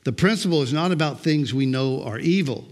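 A man's voice: a little high, fairly quick. An older man preaching a sermon as pastor, talking in a loose conversational way and often repeating words as he goes.

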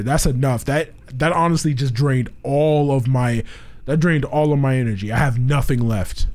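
Casting note young male gaming YouTuber, slangy and flustered, average pitch, quiet music underneath. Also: moderate pace. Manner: casual slangy reactions, says bro a lot; flustered, repeats himself. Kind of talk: let's play commentary.

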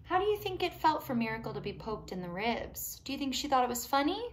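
Animated woman reading to small kids. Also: high voice, fast talker. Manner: animated, asks children questions. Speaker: children's storytime reader. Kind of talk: reading a picture book aloud to young children.

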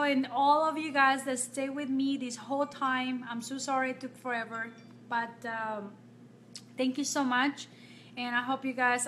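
Woman in her 30s, chatty makeup artist talking live, high and bright. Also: slight background noise. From Nicaragua. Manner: chatty, laughs easily. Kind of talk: casual live-stream chat.

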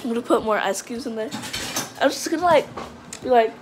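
A young woman vlogging casually, rambling excitedly and calling her viewers "guys" as she talks through a prank. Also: on the high side, a little fast, background noise. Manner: rambling and chatty, often addresses the viewers as guys; excitable, with frequent fillers and restarts. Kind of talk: casual chat to camera.

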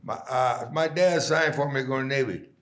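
A man's voice: mid-range voice, brisk, fairly bright tone, reverberant. A man in his nineties, a guest speaker, telling stories to a live audience in a rambling, chuckling, folksy way. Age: 90s.

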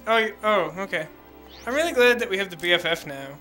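Bright high-voiced young man joking. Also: expressive, fast, faint music behind. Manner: joking, laughs often, reads game text aloud. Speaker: let's play commentator. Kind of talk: casual gaming chat.

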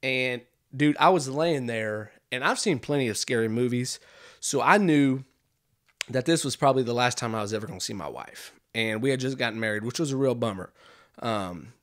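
A young man hosting a podcast, telling a long comic story in a rambling, animated way with hushed deadpan asides. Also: mid-range voice, normal speed. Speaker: podcast host. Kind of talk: comedic storytelling monologue.

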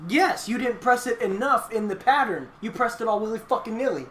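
A man's voice: very high-pitched, a little fast, a bit bright. A man playing a fighting game with friends, trash-talking and swearing like a mock commentator. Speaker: gamer. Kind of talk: casual let's play banter. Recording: echoey room, faint hiss.

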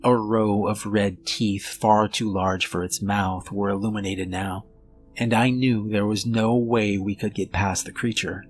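A man narrating a horror story in a measured, steady storytelling manner. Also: lowish voice, faint music behind. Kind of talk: scripted narration.

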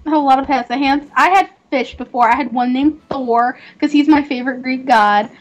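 Giggly high-voiced young woman streamer. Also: low-quality recording. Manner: giggly, chatty, quick to apologize. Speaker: livestream host. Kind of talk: casual chat while gaming.

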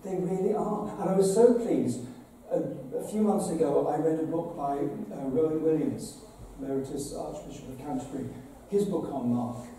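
A man's voice: on the high side, normal speed, dark tone. A man, a bishop, giving an earnest, conversational address to an assembly, with dramatic retellings. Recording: very echoey hall, voice from far off, faint noise.

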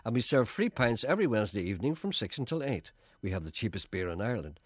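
A man's voice: on the low side, very animated, fast talker, slightly rough, no echo. A man voicing a smug, penny-pinching hotel barman who politely piles on extra charges. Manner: polite, piling on charges with a cheerful sir.

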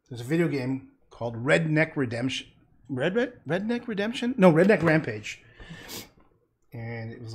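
A man's voice: mid-range voice, breathy edge. A man chatting casually on a livestream while he paints, rambling and talking to himself about the canvas.

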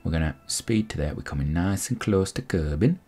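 A man with a deep, husky, mellow voice gives expressive, fairly quick commentary on a space game. He rambles casually and explains each step as he goes, often restarting his sentences.

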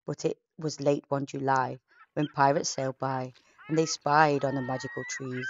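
A woman reading a rhyming bedtime story in a gentle, measured, rhythmic way. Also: a bass voice, little pitch movement, muffled recording.

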